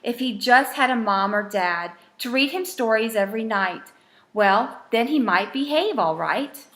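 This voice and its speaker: A woman reading a rhyming bedtime storybook aloud with a gentle, rhythmic delivery. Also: a little high, animated, measured pace.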